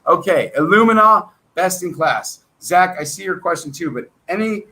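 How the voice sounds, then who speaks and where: Excitable rambling American man, high bright voice. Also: normal speed. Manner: rambling, excitable, self-deprecating asides. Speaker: stock market show host. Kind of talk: casual livestream commentary.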